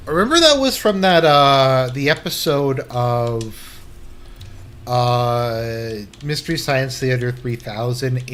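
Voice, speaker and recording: A man's voice: mid-range voice, fairly bright tone, slight background noise. A man livestreaming a game and chatting casually with viewers, rambling with lots of fillers and blunt, crude remarks. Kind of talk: casual chat while gaming.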